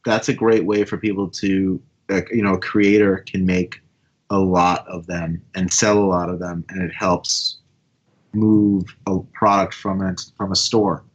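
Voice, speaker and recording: A man's voice: deep voice, little pitch movement, unhurried. A man guest on a podcast, explaining points casually and signing off enthusiastically. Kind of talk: casual chat. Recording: dull lo-fi audio.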